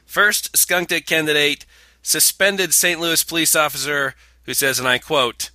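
A man's voice: on the high side, steady tone, unhurried, bright, forceful tone. A man co-hosting a podcast in casual comedic chat, sarcastic and profane. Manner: sarcastic, profane, reads quotes aloud. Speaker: podcast co-host.

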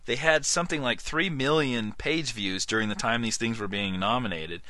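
A man co-hosting a podcast, talking fast and laughing often in casual comedic chat. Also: mid-range voice, pushed and bright, no echo. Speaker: podcast co-host.

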